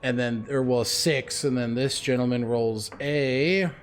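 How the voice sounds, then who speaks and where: A man running a tabletop game as game master, easygoing and quick to laugh. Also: mid-range voice. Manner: easygoing, laughs often, unhurried.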